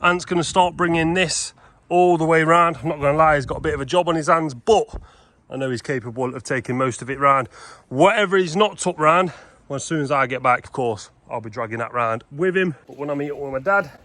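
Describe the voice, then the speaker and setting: A man's voice: fairly high pitch, brisk, bright, forceful tone, no room sound. A man giving casual vlog commentary to viewers while he works on fencing jobs outdoors, matter-of-fact and chatty. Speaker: fencing tradesman vlogger. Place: outdoors at work sites and a yard, windy. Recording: wind noise outdoors.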